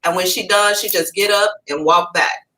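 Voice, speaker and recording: A woman hosting a live psychic reading, talking in a blunt, profane and animated way. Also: medium pitch, moderate pace.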